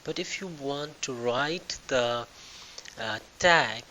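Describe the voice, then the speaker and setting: A man walking through a screen-recorded software tutorial, thinking aloud with halting restarts and fillers. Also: mid-range voice, slight background noise, rough recording. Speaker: tutorial instructor.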